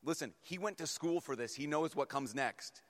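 A male priest giving a humorous, lively sermon to a young crowd and acting out little stories as he goes. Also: fairly high pitch, moderate pace. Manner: humorous, animated, acts out stories. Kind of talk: sermon to a youth gathering. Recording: long reverb in a large hall.

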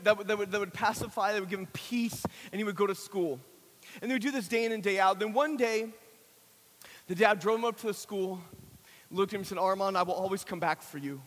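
A man preaching a sermon, telling a dramatic story that builds to shouts and then falls to a hushed prayer. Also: sits high. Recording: long hall reverb.

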